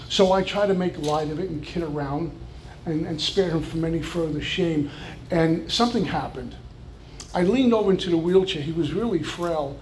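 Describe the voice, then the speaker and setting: A man's voice: on the high side, normal speed, a little mellow, slight background noise. A man from New York with a New York accent, giving an earnest personal recovery testimony with flashes of wry humor. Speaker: recovery speaker.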